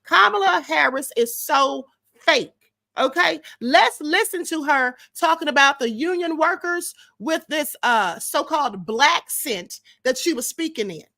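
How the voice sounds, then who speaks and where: A woman hosts her own political livestream, talking to her viewers in a blunt, sarcastic way. Her voice sits high and bright. The sound is dry and close, with no room echo. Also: animated, unhurried, vocal fry. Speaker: livestream show host.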